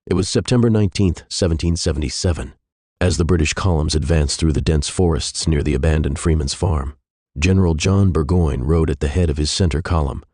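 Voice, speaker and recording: A man narrating a historical fiction story in a measured, even way. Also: extremely low pitch, no room sound, studio quality.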